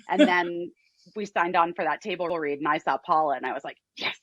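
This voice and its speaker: Excitable woman guest, dull audio. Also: on the low side, quick pace, no room sound. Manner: excitable, emotional. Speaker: actress, interview guest. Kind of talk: emotional casual chat.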